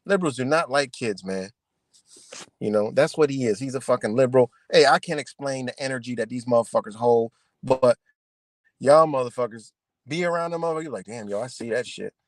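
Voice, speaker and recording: A man's voice: medium pitch, a little fast, dry recording. Profane, heated man ranting live. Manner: profane, confrontational, repetitive. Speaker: livestream host. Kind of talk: heated livestream rant.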